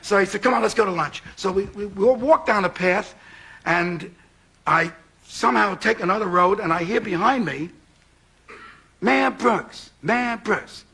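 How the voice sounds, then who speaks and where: High, bright-voiced New man spinning a yarn. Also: moderate pace, vocal fry, husky. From New York. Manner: animated, repeats for laughs. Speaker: talk show guest. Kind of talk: comic anecdote. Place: TV studio with audience.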